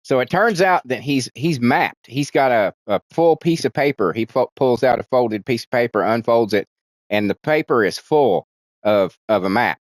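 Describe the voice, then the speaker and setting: A man in a mid-range voice talks through a movie's plot in a loose, rambling way, swearing freely and restarting his sentences. When he quotes characters, his voice jumps up and gets more animated. The sound is dry and close, with no room echo. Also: mid-range voice, moderate pace. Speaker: movie reviewer. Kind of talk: casual spoken movie recap.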